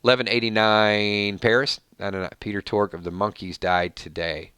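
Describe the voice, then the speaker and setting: A man hosting a casual livestream, chatting loosely and rattling off supporters' names with quick thank-yous. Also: on the low side, flat delivery, bright, forceful tone, clean tone, no room sound, studio quality. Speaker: livestream host.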